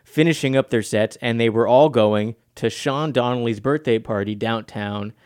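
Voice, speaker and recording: A man's voice: medium pitch, normal speed, a little mellow, smooth, no echo. A man hosting a comedy podcast from an office, chatting casually in a rambling, self-deprecating way with many fillers. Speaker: podcast host. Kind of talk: casual interview chat. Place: office in Lower Manhattan.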